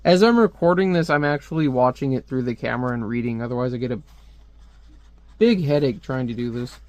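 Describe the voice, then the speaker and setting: A man's voice: mid-range voice, a little fast, darkish tone, dull audio. A man casually reviewing a comic book on video, rambling with lots of filler words and restarts, close to the mic at home.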